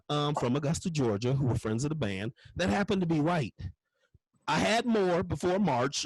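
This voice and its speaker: A man's voice: on the high side, husky, dry recording, low-quality recording. A man doing a stand-up comedy set, ranting in a loose, profane way with constant curse words.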